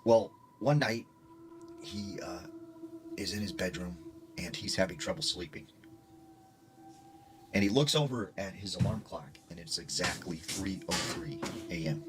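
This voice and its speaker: A man's voice: low voice, a little slow, long pauses. A man casually telling a ghost story in a rambling way, full of fillers. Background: music.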